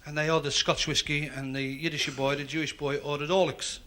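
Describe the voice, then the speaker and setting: A man with a Liverpool accent doing stand-up, telling quick gags and putting on stuttering voices for the characters. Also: a little high, level tone, bright, forceful tone, slight background noise. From Liverpool, England. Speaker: stand-up comedian. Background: audience laughter.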